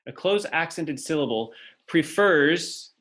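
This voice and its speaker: A man's voice: on the high side, lively intonation, slow pace, fairly bright tone. Man, teacher, lecture, explains step by step, writes as he talks. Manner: explanatory, thinks aloud while writing on a board. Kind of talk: classroom lecture.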